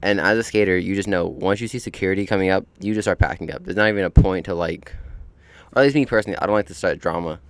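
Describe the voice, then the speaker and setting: Talking at a quick pace, a young man with a low, clean voice tells a story for his podcast from an outdoor deck. The recording has no room sound, and his laid-back delivery is loaded with swearing and fillers.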